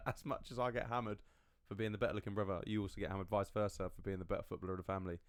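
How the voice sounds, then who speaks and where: A man's voice: lowish voice, flat delivery, very fast, smooth, dry recording. A man, a podcast co-host, making teasing, dry jokes in casual banter.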